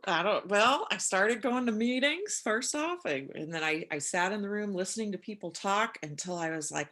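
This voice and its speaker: A woman co-hosting a podcast, talking candidly and with self-mocking humor about her own recovery, rambling and animated as she retells it. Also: mid-range voice, moderate pace, few pauses. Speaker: podcast co-host. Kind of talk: casual recovery chat.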